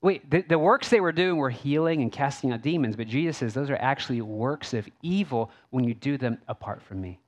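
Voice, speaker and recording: A man's voice: mid-range voice, lively intonation, brisk, few pauses. A male pastor preaching a sermon in a conversational way, with asides and rhetorical questions.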